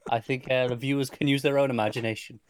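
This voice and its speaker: A man's voice: medium pitch, fairly even intonation, fast talker, a little hiss or hum. A man co-hosting a casual podcast, chiming in with dry teasing remarks. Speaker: podcast co-host. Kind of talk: casual chat.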